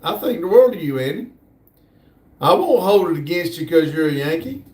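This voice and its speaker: A man hosting a casual livestream, slowly reading viewer comments aloud in a drawl. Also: fairly high pitch, lively intonation, darkish tone. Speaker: livestream host reading chat. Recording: echoey room, distant mic.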